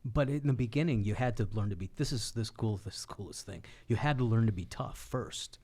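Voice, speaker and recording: A man's voice: on the low side, brisk, a little mellow. A man co-hosting a casual comedy podcast, chatty and self-deprecating.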